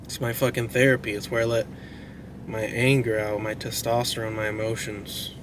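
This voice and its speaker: A man's voice: flat delivery, normal speed. Furious swearing young man ranting. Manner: angry, swearing constantly, drops to a low mutter. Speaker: fitness vlogger. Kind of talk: raw confessional vlog rant. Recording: clear vehicle and outdoor background noise. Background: car and street noise.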